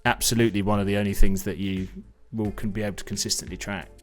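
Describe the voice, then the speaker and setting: A young man, casually telling a story on a podcast, animated and swearing freely as he acts out what people said. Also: on the low side, fast, soft background music. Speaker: podcast co-host.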